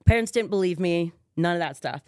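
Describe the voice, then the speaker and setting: A chatty woman from Colorado hosts a radio interview. She laughs easily and leans on "like". Her voice sits fairly low, and the studio sound is dry and close. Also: animated, brisk, warm tone, clean tone, dry recording. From Colorado, USA. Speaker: radio host. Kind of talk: casual radio interview chat.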